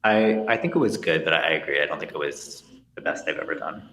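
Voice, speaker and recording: Very deep-voiced man, bright tone. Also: lively intonation, roomy sound. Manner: measured, explanatory, many "like" fillers. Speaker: podcast co-host. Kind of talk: casual chat.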